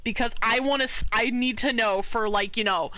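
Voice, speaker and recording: A woman's voice: fairly high pitch, normal speed, sharp tone. A young woman streaming while she draws, chatting casually in a bubbly, giggly way and sometimes muttering to herself.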